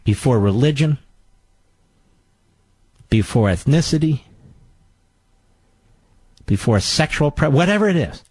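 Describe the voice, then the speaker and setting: A man hosting a political talk radio show, mocking and combative in tone. His pitch leaps and dips constantly for emphasis, and he sits somewhat higher than most men. The studio sound is close and dry. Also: big pitch swings, takes it slowly, long pauses, husky, no echo.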